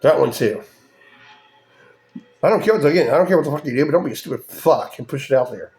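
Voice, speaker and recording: A man in a heated, profane monologue, his voice sitting a little high for a man. He mocks people with put-on voices and swears constantly. Faint music plays softly in the background. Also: expressive, fast talker. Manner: angry, swearing, mocking voices. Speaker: podcast host.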